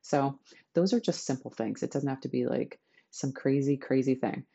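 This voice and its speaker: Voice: mid-range voice, moderate pace, gravelly, warm tone, husky, dull audio. A podcast host giving a chatty, enthusiastic self-help talk to listeners.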